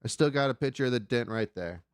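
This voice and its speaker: A man's voice: mid-range voice, animated, quick pace, clear, resonant tone, dry recording, clean studio sound. A man telling a rambling, profane story in casual chat on a comedy call-in podcast.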